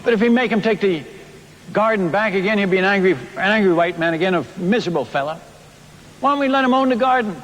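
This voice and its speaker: A shrewd village peacemaker, as a storyteller puts him on, talking sense into an angry crowd in a persuasive, reasoning way. The voice sits high and rings out with a long hall reverb. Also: male voice, quick pace, fairly bright tone, slight background noise. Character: shrewd tribal village man, calm peacemaker.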